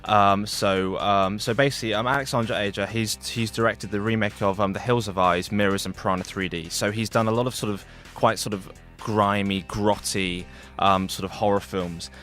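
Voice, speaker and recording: A man's voice: fairly low pitch, steady tone, moderate pace, few pauses, fairly bright tone. A young man giving a radio film review, rambling with lots of fillers and restarts. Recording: radio studio with faint music.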